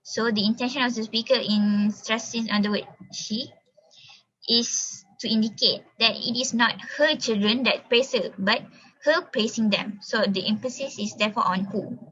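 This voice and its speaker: A woman's voice: a little high, moderate pace, fairly bright tone, slightly rough, highs cut off. A young woman student explaining her part of a class presentation step by step over a video call, with many fillers. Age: young adult.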